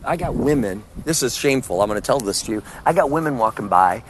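A man's voice: mid-range voice, lively intonation, fast, noisy background. A man preaching fervently in the street to one listener, firing rhetorical questions and condemnations. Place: outdoors at a public event.

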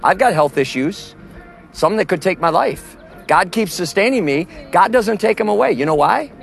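A man preaching on the street outdoors, emphatic and forceful, quizzing his listeners with questions as he talks. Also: sits high, expressive, normal speed, creaky, faint music behind.

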